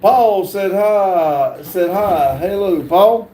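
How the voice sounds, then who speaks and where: A man's voice: sits high, lively intonation, very slow, mellow, echoey room, slight background noise, rough recording. A man hosting a casual livestream, reading viewer comments aloud with many fillers. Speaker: livestream host reading chat. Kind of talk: casual live chat.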